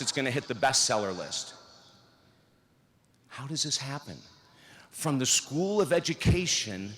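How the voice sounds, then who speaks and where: A man in his sixties giving a commencement speech, telling stories and acting out the dialogue in them. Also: a little high. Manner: storytelling, animated, acts out dialogue. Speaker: convocation speaker. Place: large field house.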